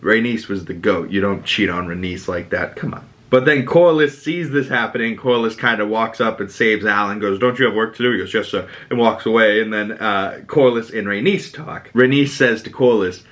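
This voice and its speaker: A man with a Boston accent recapping a TV episode as a podcast host, animated and sweary, acting out characters' lines. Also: normal speed, few pauses. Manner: animated, quotes characters with dramatic pitch jumps and swearing. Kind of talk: casual recap monologue.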